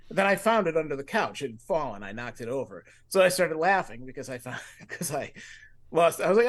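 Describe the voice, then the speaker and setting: Animated high-voiced man telling a story. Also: fast. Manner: animated, acts out his own past thoughts. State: grieving. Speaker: podcast co-host. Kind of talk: casual storytelling.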